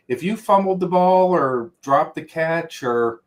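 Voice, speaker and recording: A man's voice: on the high side, lively intonation, a little slow. A middle-aged man, a guest on an interview, reminiscing at length with many restarts. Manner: rambling storyteller with many restarts and quoted voices.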